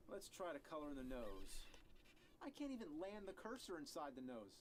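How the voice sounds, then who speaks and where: A man giving a comedic rant review of a video game, sarcastic and profane, breaking into angry yells. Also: on the high side, sing-song, fairly quick, slight background noise.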